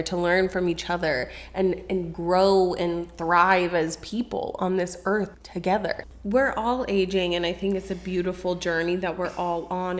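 A woman co-hosting a podcast in a loose, candid way, peppering her talk with "like" and the odd swear word. Her voice sits somewhat low. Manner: casual, frank, swears freely, says "like" a lot. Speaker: podcast co-host. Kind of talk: casual podcast chat and book reading.

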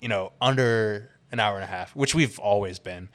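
A man's voice: lowish voice, normal speed, a bit bright. A young man with an ordinary mid-range voice chats on a podcast. He laughs a lot, swears freely and acts out comedy bits as he retells them. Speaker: podcast co-host. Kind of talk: casual podcast chat.

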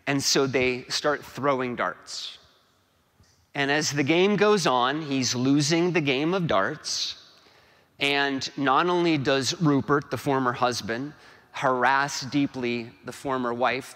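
A man delivers a homily in a church, rambling with frequent restarts and tag questions. His pitch sits in the middle for a man. Long reverb hangs after his words. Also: fairly bright tone. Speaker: priest giving a homily.

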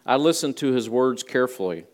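A man's voice: medium pitch, animated, fairly quick. A male pastor giving a conversational sermon in a church, with folksy asides to the congregation. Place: church sanctuary.

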